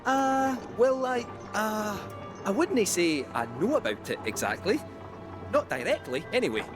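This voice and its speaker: A chirpy fortune-telling mascot. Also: male voice, high voice, very animated, measured pace, music in the background. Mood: evasive. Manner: sing-song, rhyming, theatrical. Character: chirpy fortune-telling robot cat, showman.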